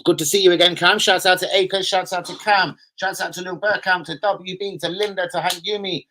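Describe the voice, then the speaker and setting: A young man, hosting a loose, sweary live stream and shouting out his viewers. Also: high voice, steady tone, fairly quick, poor audio. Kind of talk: casual live stream chat.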